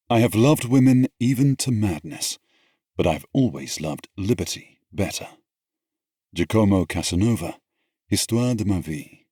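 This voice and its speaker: A man narrates in a measured, formal way with a very deep, husky voice. His pace is unhurried and deliberate. The read is dry and close, with no room sound. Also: dark tone, dry recording. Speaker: audiobook narrator. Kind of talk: scripted audiobook narration.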